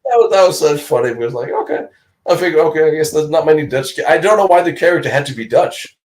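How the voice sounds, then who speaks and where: Danish man telling lively chat stories. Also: a little high, fast talker, poor audio. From Denmark. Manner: chatty storyteller, laughs often, acts out voices. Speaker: co-host of live chat. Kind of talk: casual live-stream chat.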